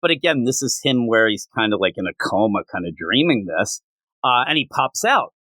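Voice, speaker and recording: A man co-hosting a casual comic book podcast, animated and laughing as he acts out characters. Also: medium pitch, moderate pace, no room sound. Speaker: podcast co-host.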